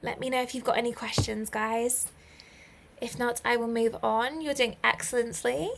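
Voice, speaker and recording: A woman's voice: a little high, steady tone, moderate pace, vocal fry, a bit bright, slight background noise. A young British woman teaching English in a live online lesson, encouraging learners and praising them often with light laughs.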